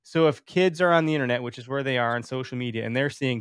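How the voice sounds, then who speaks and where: A man in his thirties hosting a casual podcast chat, animated and profane, acting out other people's voices as he talks. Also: mid-range voice, fast talker, few pauses, smooth, dry recording, clean studio sound. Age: 30s. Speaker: podcast host.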